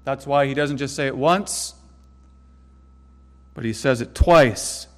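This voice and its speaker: A man preaching a sermon, earnest and emphatic, slowing down to stress key phrases. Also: mid-range voice, fairly bright tone, big-room sound. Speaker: pastor.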